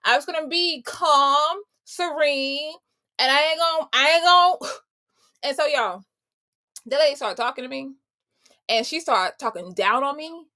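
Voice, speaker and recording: A woman's voice: high-pitched, measured pace, pushed and bright. A young adult woman life coach telling her viewers a story in a casual, emphatic way, often calling them y'all.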